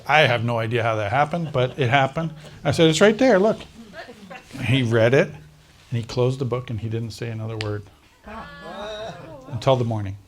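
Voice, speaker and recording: An interview guest, a man with an ordinary middle pitch, tells a story from his own life at a moderate pace. He acts out what others said and frequently breaks into laughter, though his intonation stays fairly even.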